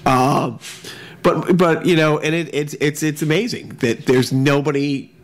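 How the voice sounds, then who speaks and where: A man co-hosting a casual podcast, talking in a halting way with many restarts. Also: fairly high pitch, steady tone. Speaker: podcast co-host. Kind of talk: casual chat. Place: echoey room at home.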